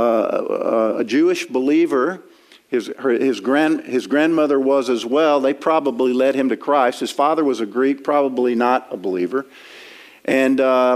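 A man preaching an expository sermon in a church, talking in a conversational way with frequent restarts while he quotes and explains scripture. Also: mid-range voice. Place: church sanctuary.

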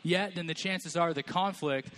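A man's voice: a little high, moderate pace, fairly bright tone, a little hiss or hum. A man preaching a sermon in a church, conversational and joking, acting out people's voices. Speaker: pastor.

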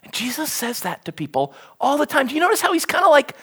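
Preacher for a sermon read, very lively pitch that leaps up and down, animated storyteller. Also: fast talker. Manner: animated storytelling, acts out quoted speech.

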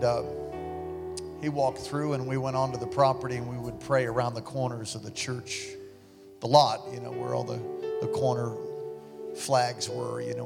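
A male pastor tells a story from the pulpit, animated and given to loud outbursts. His voice has a gravelly edge at a middle pitch. It rings out in a large church hall over clear instrumental music. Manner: animated, bursts into loud exclamations. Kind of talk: sermon storytelling during an offering.

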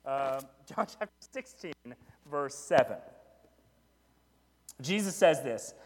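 A man's voice: mid-range voice, expressive, slow, a little mellow. A man preaching a sermon in a conversational way, with frequent "right?" asides and self-deprecating humor. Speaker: pastor. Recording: echoey hall with long reverb.

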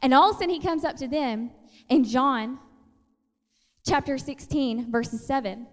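A woman's voice: high voice, normal speed, big-room sound. A woman in her thirties giving a casual, chatty sermon, acting out quotes as she tells stories. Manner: chatty, animated storytelling with acted-out quotes. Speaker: preacher.

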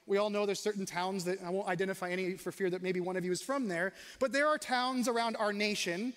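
High-voiced pastor in a reverberant hall. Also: male voice, fast, a bit bright. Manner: conversational, questioning, varies pace for emphasis. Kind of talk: sermon.

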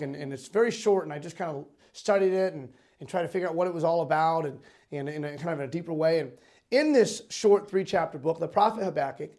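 High-voiced male pastor, earnest preacher who shifts between loud and quiet. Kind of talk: sermon.

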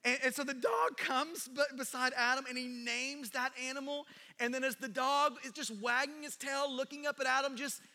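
A man's voice: very high voice, flat delivery, moderate pace, bright, forceful tone, long reverb tail. A man preaching a sermon as pastor, talking conversationally with frequent restarts and asides.

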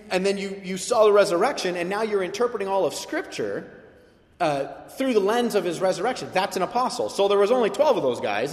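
Male pastor with a slightly high voice, conversational sermon delivery, loud emphatic bursts and hushed asides, echoing church hall. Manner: animated, conversational, quoting with shifting intensity. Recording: echoey hall with long reverb.

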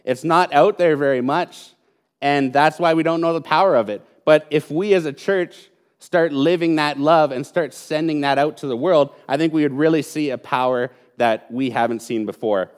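A man's voice: on the high side, normal speed, clear, resonant tone. A man preaching an earnest sermon, speaking with emphasis and repeating key points. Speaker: pastor.

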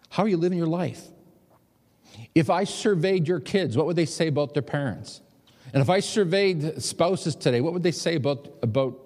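A man's voice: gravelly, darkish tone. A middle-aged man preaching a sermon in a church, emphatic and pressing his points. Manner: emphatic, rising high when pressing a point. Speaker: pastor. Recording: long hall reverb.

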